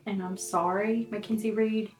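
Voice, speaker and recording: A woman's voice: medium pitch, flat delivery, moderate pace, darkish tone, faint music behind. A young woman giving a casual, exasperated book review, chatty and laughing often. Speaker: book vlogger. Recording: echoey room.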